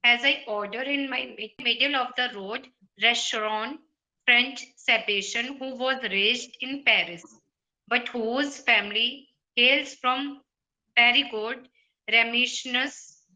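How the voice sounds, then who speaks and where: Woman, English learner, slow careful reading, video call, fairly high voice. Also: pushed and bright, low-quality recording. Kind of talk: reading aloud in an online lesson.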